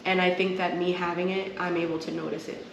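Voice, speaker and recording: A woman's voice: on the low side, little pitch movement, quick pace, vocal fry, dull audio. A woman co-hosting a podcast, telling personal stories in an earnest, open, emotional way. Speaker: podcast co-host. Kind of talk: casual chat. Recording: echoey room, faint noise.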